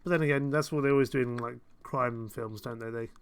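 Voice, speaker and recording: A man's voice: medium pitch, fairly even intonation, fairly quick, gravelly, slight background noise. A young man chatting through a live gameplay stream, rambling and self-mocking, chuckling often. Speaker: game streamer. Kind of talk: casual live gameplay commentary.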